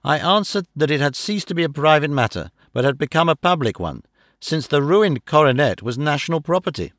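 A man narrating a classic detective story as an audiobook, reading in a measured, dramatic first-person way into a close microphone. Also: on the high side, expressive, fairly bright tone, no room sound. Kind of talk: scripted narration.

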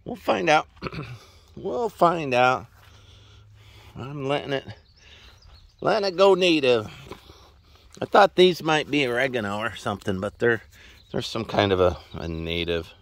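A man's voice: mid-range voice, moderate pace, vocal fry. A man casually vlogging outdoors on his ranch, rambling in a folksy way as he walks the land and chats to his horse. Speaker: farm vlogger. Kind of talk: casual walk-and-talk vlog. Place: outdoors on a ranch in a wet meadow.

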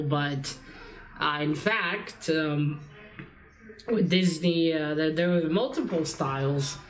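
Casual woman with a slight cold. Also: lowish voice. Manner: rambling, casual, swears lightly. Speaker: book vlogger. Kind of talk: casual reading vlog chat.

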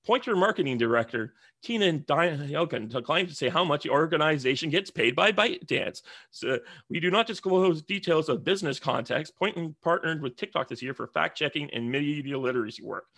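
A man's voice: a little high, lively intonation, a little fast, a bit bright, no echo. A man giving casual commentary while reviewing a book, rambling and correcting himself, with sarcastic asides as he reads passages aloud.

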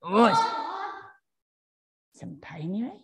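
A woman karate instructor leading a children's class, calling commands and counting in Japanese, encouraging but gently firm. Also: mid-range voice, expressive, slow pace, gravelly, a crowd in the background.

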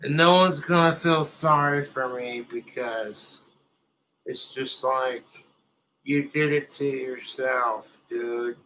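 A live streamer swearing and shouting at objects in fits of rage, muttering bitterly between outbursts. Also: male voice, medium pitch, steady tone, slow, slight background noise. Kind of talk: angry solo rant on stream.

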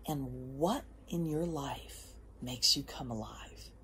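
A woman hosting a casual motivational monologue, emphatic, often dropping into soft whispers before rising again. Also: extremely low pitch, slow pace, slight background noise. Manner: emphatic, drifts between soft whispers and bursts. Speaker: host. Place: outdoors.

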